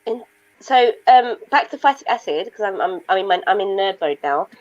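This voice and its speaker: A woman's voice: mid-range voice, lively intonation, moderate pace, a little mellow, highs cut off. A woman talking casually in a group chat, nerdy and chatty, swearing now and then.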